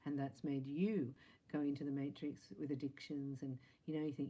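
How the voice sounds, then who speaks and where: A woman's voice: sits low, little pitch movement, moderate pace, warm tone, breathy edge, rough recording. A woman giving a spiritual love reading to camera, chatty and encouraging, often checking in with "right?" and "you know". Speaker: psychic reader.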